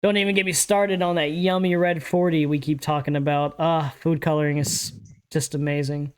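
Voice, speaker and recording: A man from Alabama hosting a casual livestream podcast, joking and laughing between quick asides. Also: a little high, little pitch movement, clear, resonant tone. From Alabama, USA. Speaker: podcast host.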